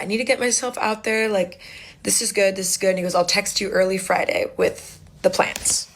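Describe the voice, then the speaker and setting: A woman's voice: medium pitch, moderate pace. A young woman telling a casual, rambling story to camera about canceled dates, sounding annoyed.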